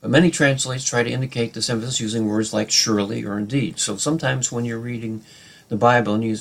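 Lower-voiced man teaching a Bible study. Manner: unscripted, with many fillers and restarts; explains Hebrew grammar and reads scripture aloud.

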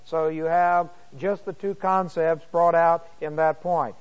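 Man teaching a slow, deliberate Bible lesson. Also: a little high, flat delivery, dull audio. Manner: slow, deliberate reading of verses, frequent throat-clearing.

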